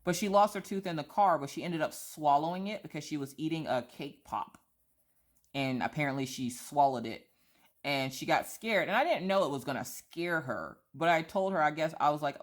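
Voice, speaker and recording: Chatty mom telling stories while coloring. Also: female voice, low-pitched, normal speed. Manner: chatty, animated storytelling with voiced quotes. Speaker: vlogger and mother. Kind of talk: casual chat while coloring.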